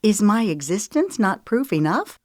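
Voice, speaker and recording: A woman's voice: medium pitch, very animated, moderate pace, a little mellow, dry recording, clean studio sound, voice pushed up, natural voice. A woman voicing a young female singer who speaks plainly and steadily. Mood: candid.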